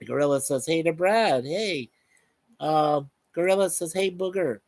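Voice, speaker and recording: A man's voice: on the high side, unhurried, darkish tone, no echo. A man hosting a casual live stream, reading out viewer comments in a chatty, upbeat way. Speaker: show host.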